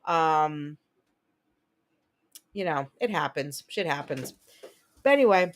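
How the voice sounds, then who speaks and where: A woman's voice: low-pitched, lively intonation, slight background noise. Profane ranting woman livestream host. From New Jersey. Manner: profane, rambling, quick to rant. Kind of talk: casual livestream chat.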